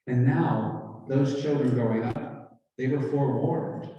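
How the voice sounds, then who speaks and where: A man's voice: mid-range voice, takes it slowly, mellow, lo-fi sound. A male pastor telling a story in a conversational way, acting out the dialogue. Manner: conversational retelling with quoted dialogue. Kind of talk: storytelling talk. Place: church hall. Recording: echoey hall, mic far off.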